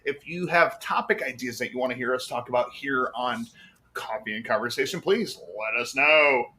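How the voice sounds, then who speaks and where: A man's voice: mid-range voice, normal speed, pushed and bright. A playful man chatting casually on a livestream as a guest streamer. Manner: playful, jumps into voice impressions.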